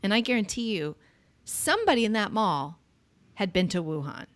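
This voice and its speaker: A woman hosting a podcast, telling stories in an animated, sarcastic way. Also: medium pitch, normal speed. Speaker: podcast host. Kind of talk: casual chat.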